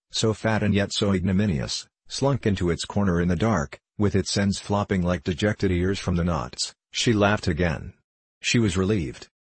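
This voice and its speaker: A male audiobook narrator reading a novel in a steady, measured way. His voice is low and a little husky, and the recording is dry and close, with no room sound. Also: no echo.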